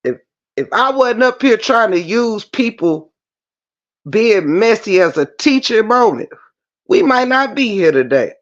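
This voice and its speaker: Man, high voice, muffled stream audio, animated preachy livestream host. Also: measured pace. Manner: animated preachy talk, addresses viewers directly. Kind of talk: casual livestream chat.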